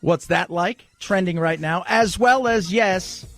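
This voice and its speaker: Animated high-voiced male talk radio host. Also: a little slow, gravelly, soft background music. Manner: animated, sarcastic, conversational. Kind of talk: talk radio monologue and ad read.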